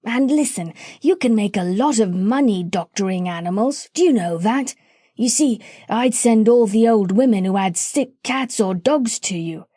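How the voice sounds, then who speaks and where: A woman's voice: lively intonation, moderate pace, mellow, no room sound, studio quality. A woman voicing a coarse, scheming cat's-meat seller who talks in folksy slang and pushes his ideas. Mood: wheedling. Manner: folksy slangy talk, wheedling sales pitch.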